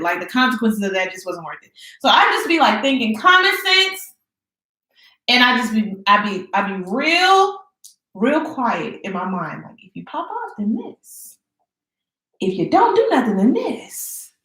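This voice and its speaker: A woman in her twenties tells a story to her viewers, casual and slangy, acting out each moment dramatically. Her voice sits a little high. The room around her rings with a noticeable echo. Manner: animated, dramatic retelling with slangy asides. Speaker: vlogger. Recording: echoey room.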